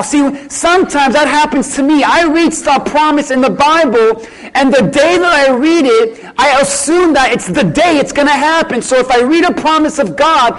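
A man's voice: very high-pitched, rough recording. A man preaching a sermon, building his point through emphatic repetition and rhetorical questions. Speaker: pastor.

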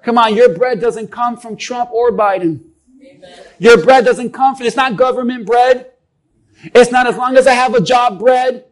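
A man's voice: very high voice, normal speed, low-quality recording. A man preaching a sermon as a pastor, emphatic and calling on the congregation to respond.

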